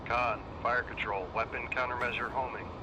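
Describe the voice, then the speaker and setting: A man's voice: medium pitch, steady tone, moderate pace, lightly acted. A man voicing a submarine crewman in a game, giving clipped military reports. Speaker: in-game fire control crew voice. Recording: game audio with loud noise.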